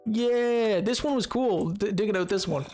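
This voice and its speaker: A man's voice: high voice, normal speed, darkish tone, soft background music. A man streaming a game live, chatting casually with his viewers in a rambling way and laughing often.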